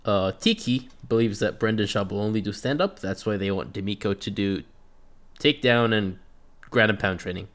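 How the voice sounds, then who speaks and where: Chill guy with a bright, slightly low voice, chatty podcast cohost. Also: moderate pace. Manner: laid-back storytelling, acts out quotes, laughs often. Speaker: podcast co-host reviewing a reality show. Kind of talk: casual chat.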